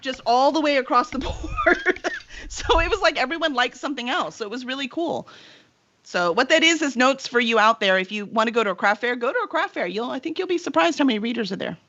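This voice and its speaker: Her voice sits high and sing-song, brisk and sharp, as this woman, a publisher and show host, leads a casual live-streamed chat. Chatty, she strings long run-on thoughts together with lots of fillers, and the recording has its highs cut off.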